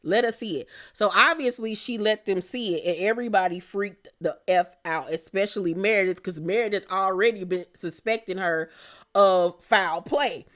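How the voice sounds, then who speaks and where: A woman recapping a reality TV episode in casual commentary, sassy and animated, laughing and exclaiming as she goes. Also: mid-range voice, normal speed.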